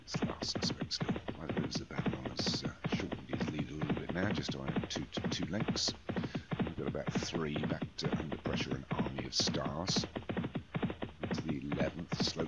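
A man's voice: very deep voice, moderate pace. A man commenting on a simulated horse race in a chatty, jokey way, often correcting himself. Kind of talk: amateur horse racing commentary over a game. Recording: dull lo-fi sound with loud music.

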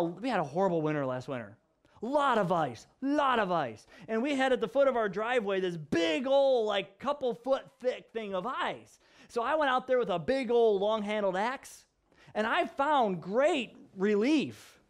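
Chatty, jokey middle-aged man pastor, high voice, casual vlog delivery. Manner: chatty, jokey, laughs often. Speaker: pastor and professor. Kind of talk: casual devotional vlog talk.

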